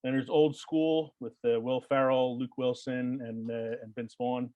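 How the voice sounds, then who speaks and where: A man's voice: mid-range voice, flat delivery, a little slow, mellow, no echo, low-quality recording. A man hosting a casual podcast chat, rambling with lots of fillers and frequent laughs. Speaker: podcast host.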